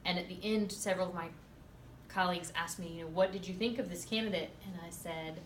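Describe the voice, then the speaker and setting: A woman in her thirties, a speech teacher, giving a lively, emphatic classroom lecture with playful asides to her students. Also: on the low side, quick pace, slight background noise. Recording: echoey classroom from far off, faint ambience.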